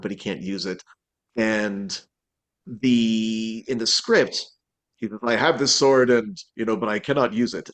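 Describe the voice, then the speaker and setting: A man, a voice actor, chatting casually in an interview, rambling with restarts and acting out quotes. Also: mid-range voice. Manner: rambling, many restarts and fillers, animated quotes. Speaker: voice actor guest.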